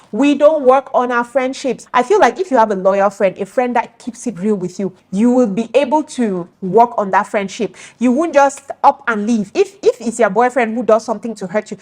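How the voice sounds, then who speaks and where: A woman's voice: on the high side, brisk. A young woman giving her opinions in a casual monologue, acting out what friends say. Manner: animated, acts out quoted friends, laughs often. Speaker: video host.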